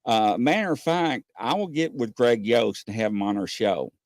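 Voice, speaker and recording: Animated guy host just rambling through a story, lotsa uhs, dry mic. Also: medium pitch, no room sound. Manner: rambling storyteller, many "uh" pauses, acts out quotes. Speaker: podcast host. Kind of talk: casual chat.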